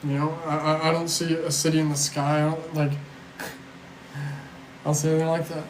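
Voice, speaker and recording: Sounding tired, a man on a casual livestream reads chat questions aloud and answers them in a rambling, blunt, profane way, with restarts and sarcasm. His slightly high voice is completely flat at normal speed, in an echoey room with faint hiss.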